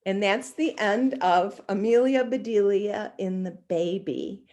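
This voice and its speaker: A woman reads a storybook aloud to children, warmly paced and unhurried. Her voice swings widely up and down to keep young listeners hooked, and she talks to them directly between pages. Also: mid-range voice. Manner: expressive, animated, speaking to children. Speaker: storybook reader.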